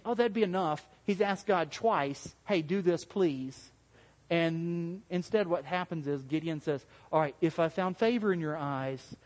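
A man giving an interactive sermon as pastor, conversational, asking the congregation questions and acting out the voices he quotes. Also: long reverb tail. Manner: acts out quoted voices with big pitch jumps.

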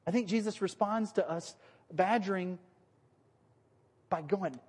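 Guy preaching casually, kinda high voice, acts out the quotes, echoey church hall. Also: measured pace, a little mellow. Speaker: pastor. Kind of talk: sermon.

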